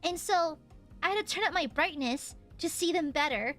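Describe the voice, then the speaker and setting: A woman streamer in casual livestream chat, reading donations with melodramatic mock suffering and yelling at her chat. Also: very high-pitched, lively intonation, moderate pace, soft background music.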